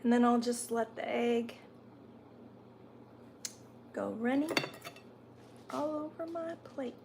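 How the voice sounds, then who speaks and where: A woman's voice: a little high, gravelly, darkish tone, slight background noise. A woman hosting a casual live stream from home, chatting and answering viewer comments while she eats, sometimes talking through a mouthful. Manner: talks while chewing.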